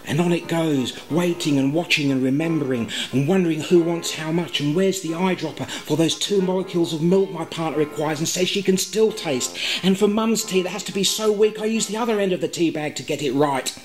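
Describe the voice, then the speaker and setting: A man with an Australian accent delivering a scripted comic monologue in a wry, mock-grand deadpan manner. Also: a little high, fairly quick, low-quality recording. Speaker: comic narrator. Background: music.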